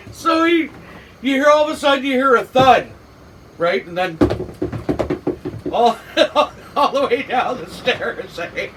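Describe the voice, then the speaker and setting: A man with a Cape Breton accent telling a funny work story in casual chat, laughing and shouting the quoted lines. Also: very high voice, animated, slow, long pauses. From Cape Breton, Canada. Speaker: podcast host. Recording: distant mic with faint background noise.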